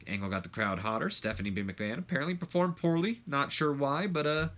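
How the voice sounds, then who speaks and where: A man's voice: mid-range voice, lively intonation, quick pace, fairly bright tone, lo-fi sound. A man giving casual, rambling commentary over a wrestling management game, with many fillers. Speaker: gameplay commentator.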